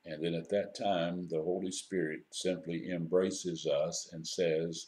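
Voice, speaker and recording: Low, mellow-voiced man giving a devotional. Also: level tone. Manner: gentle, slow, reflective storytelling. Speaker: devotional speaker. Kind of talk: short devotional message.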